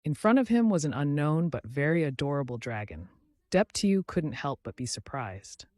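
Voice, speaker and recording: A man narrating a comic story recap in a brisk, matter-of-fact scripted way. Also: a little high, sing-song, darkish tone, no echo.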